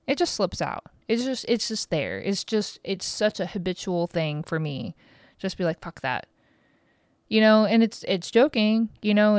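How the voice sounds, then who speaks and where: A woman in her thirties talks through her podcast in a loose, rambling way, frank and quick to swear. Her voice sits low and comes across smooth and clear. The sound is dry and close, with no room around it. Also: no room sound. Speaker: podcast host. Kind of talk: casual monologue.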